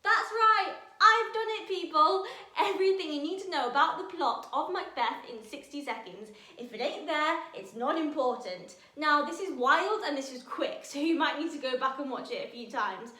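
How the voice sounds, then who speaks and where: A young woman with a British accent runs an energetic drama workshop, chatty and playful. Her voice sits high and sounds bright and crisp. The recording has a noticeable echo from the room around her. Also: normal speed, few pauses. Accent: British English. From Britain. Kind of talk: lively teaching to camera. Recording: echoey room.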